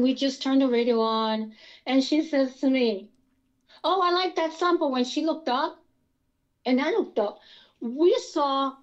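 Rambling, animated woman on a lo-fi line. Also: high voice. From Pennsylvania. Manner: animated, rambling, many restarts. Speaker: guest experiencer. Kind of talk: casual interview storytelling.

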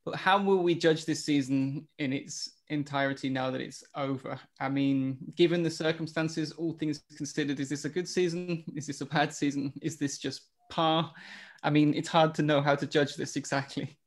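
Podcast host guy, kinda high voice but pretty monotone, asks questions and keeps things moving. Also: normal speed. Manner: questioning, steering the discussion. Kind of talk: casual football podcast chat.

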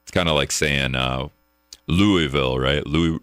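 Deep-voiced bright Midwestern talk radio host. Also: male voice, fairly even intonation, no room sound, clean studio sound. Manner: joking, rambling, quick to laugh. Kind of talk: casual call-in talk radio.

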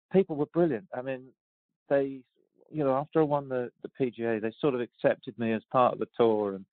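A man's voice: mid-range voice, dry recording. A man in his sixties telling stories in an interview, with many ums and restarts and easy laughs. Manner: hesitant, lots of ums and restarts, laughs easily. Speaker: golf champion guest. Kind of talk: relaxed storytelling interview. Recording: tinny phone line, dry.

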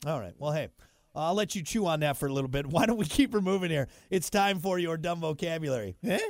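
Brief: male morning radio host, high voice, teasing, dry close studio sound. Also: animated, fast talker, no echo. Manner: playful, mock-innocent teasing. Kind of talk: casual radio banter.

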